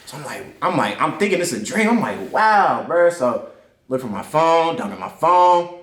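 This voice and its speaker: Young man, highish voice, animated slangy storytelling, echoey room. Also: normal speed. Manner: animated, slangy, repeats "I'm like". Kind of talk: casual storytelling. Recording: roomy echo.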